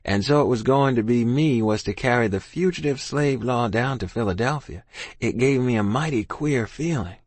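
A man's voice: mid-range voice, moderate pace, darkish tone, no echo. A man narrating a first-person story in plain, folksy rural dialect, recorded close in a dry studio. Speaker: audiobook narrator.

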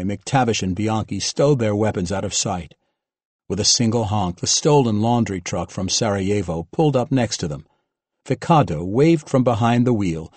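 A man narrating an audiobook in a steady, even manner. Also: fairly low pitch, dry recording. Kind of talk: scripted narration.

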